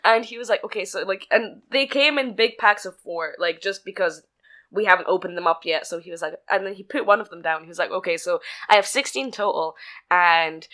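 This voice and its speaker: A woman's voice: mid-range voice, a little fast, pushed and bright. A young woman, telling a story with laughter and swearing in a casual podcast chat. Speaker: podcast co-host.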